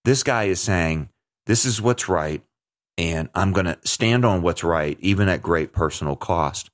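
A man's voice: deep voice, unhurried. A man hosting a talk show, speaking earnestly and emphatically in conversational commentary, often restarting his sentences.

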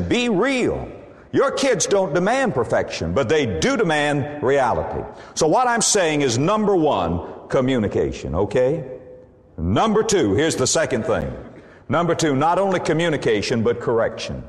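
A man preaches with strong emphasis, his voice rising and falling widely and sitting a bit high. It rings with the long reverb of a large hall. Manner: animated, emphatic preaching with Bible quotations. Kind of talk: sermon.

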